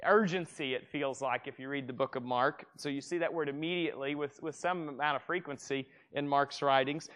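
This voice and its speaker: Here a pastor speaks on the high side and fairly quickly, with hardly any pauses, as he preaches to a congregation gathered in a church room. He reads scripture aloud animatedly, dramatizing gasps and frequently starting over.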